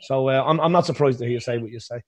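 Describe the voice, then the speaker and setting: A man's voice: mid-range voice, very fast. A man with an Irish accent, a pub band musician, chatting casually on a podcast and laughing often.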